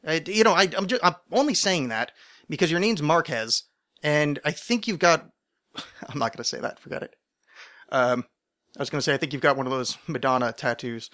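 A man hosts a podcast alone in a loose, rambling monologue. He mocks himself, restarts his sentences and wanders into asides. His voice sits fairly high and sounds bright and forceful. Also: expressive, brisk. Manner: rambling, self-deprecating, full of restarts and asides. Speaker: podcast host. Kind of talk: casual rambling solo monologue.

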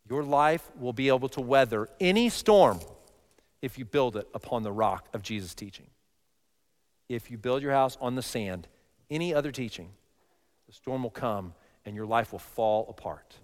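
A man preaching a sermon as a pastor, emphatic, rising to loud passion and dropping to quiet. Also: mid-range voice. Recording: long reverb of a large hall.

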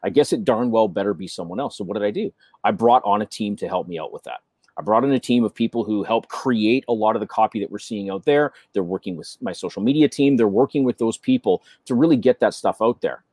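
A man co-hosting a business show, talking in an animated way with rhetorical questions. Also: lowish voice, fast, dry recording, studio quality. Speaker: co-host. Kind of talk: business podcast chat.

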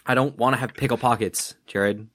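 A man recaps his game character in a rambling, halting way, full of fillers. His mid-pitched voice sounds dry and close to the mic. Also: fairly even intonation, a bit bright, no room sound. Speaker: player. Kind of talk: casual podcast banter.

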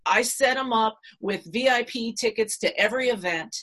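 A middle-aged woman, a podcast guest, telling a story dramatically and acting out what people said with big swings in pitch and loudness. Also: normal speed. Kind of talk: animated storytelling.

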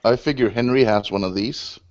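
A man's voice: medium pitch, fairly quick, darkish tone. A man playing in an online tabletop game, casually asking rules questions, heard over dull lo-fi voice chat. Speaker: player.

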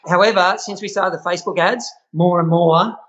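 A man's voice: high voice, moderate pace, highs cut off. A middle-aged Australian man, a chef, telling stories in a casual interview and laughing often. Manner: animated storyteller, laughs often. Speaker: guest, chef running an online membership.

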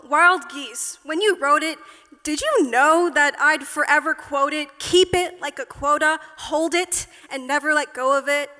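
A woman's voice: high voice, pushed and bright. A teenage girl performing a rhythmic, rhyming spoken word poem on stage. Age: teens. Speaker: youth slam poet. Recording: long reverb of a large venue.

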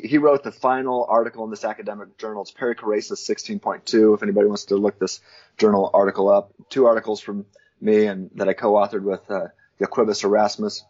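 A man's voice: on the low side, a little mellow, slightly rough. A man, a guest in a casual interview, explaining theology in a thoughtful way and laughing lightly between points. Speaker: guest, Christian philosopher. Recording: dull lo-fi audio.

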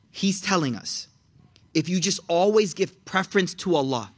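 A young man delivers a casual sermon in a high voice, animated and slangy, acting out the people in his stories. His pitch swings from bright peaks down to low, quiet asides. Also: moderate pace. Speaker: religious teacher.

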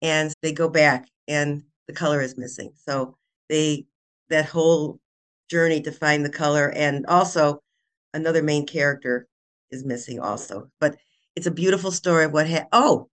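An older woman, a children's author and guest, retelling her book's plot in a casual, animated way with laughs. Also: low voice. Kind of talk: casual storytelling interview.

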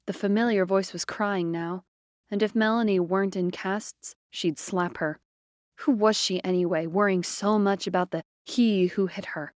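A woman narrating a short story in a measured, expressive reading. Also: medium pitch, dry recording, clean studio sound. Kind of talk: scripted fiction narration.

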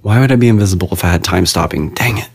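Very deep-voiced playful dad. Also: male voice, very fast, vocal fry, a loud crowd. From Oklahoma. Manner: goofy, plays along in make-believe. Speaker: podcast co-host, father. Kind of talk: casual playful chat.

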